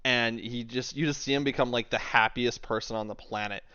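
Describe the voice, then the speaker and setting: A man's voice: mid-range voice, steady tone, brisk, pushed and bright, smooth, muffled recording. A man running a tabletop game as game master, narrating casually and laughing often, on a voice call.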